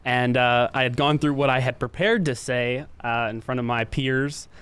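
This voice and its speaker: A man on staff filling in as co-host, chatting casually in a measured, agreeable way with some hesitant fillers. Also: mid-range voice, fairly even intonation, a bit bright, smooth. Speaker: staff member and guest co-host. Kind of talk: casual chat.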